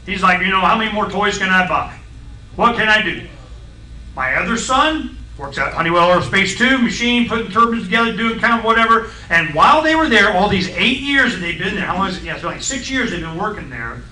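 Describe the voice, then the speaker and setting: This middle-aged radio talk show guy talks science in a brisk, high voice, blunt and folksy and full of excitement, acting out characters as he tells stories. It's poor audio: roomy, recorded from afar, with a bit of hiss or hum.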